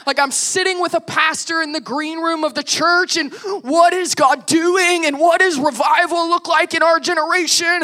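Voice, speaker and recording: A young woman from the United States telling a story in a sermon in an animated way, acting out the quotes. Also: extremely high pitch. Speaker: preacher.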